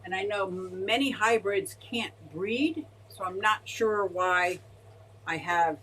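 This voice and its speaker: A woman hosting a casual fish-keeping livestream, talking in an excitable, gushing way as she reads chat aloud. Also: medium pitch, slow, a little hiss or hum, poor audio. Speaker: aquarium fish-keeping streamer.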